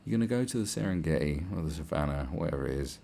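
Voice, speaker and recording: Gravelly-voiced swearing man ranting. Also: extremely low pitch, expressive, rapid-fire, mellow. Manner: crude, sarcastic, swears constantly, mocking put-on voices. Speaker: podcast host. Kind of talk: ranting monologue.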